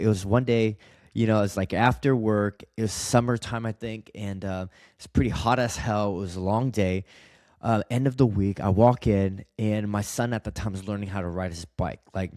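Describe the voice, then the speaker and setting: A man's voice: on the low side, darkish tone, no echo. Male podcast guest, blunt and confessional, lots of fillers, dry close mic. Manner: candid, swears often, many fillers. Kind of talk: emotional personal story.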